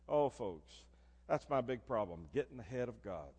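An older man preaching a sermon in a church, swinging from soft, low murmurs to loud, emphatic declarations. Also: lively intonation, fairly quick, breathy edge. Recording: long reverb of a church hall.

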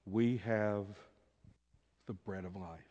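A male pastor preaching a sermon, acting out a story theatrically and swinging between loud proclamations and hushed asides. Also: lowish voice, steady tone, takes it slowly, dull audio. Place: church sanctuary. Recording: long reverb in a church.

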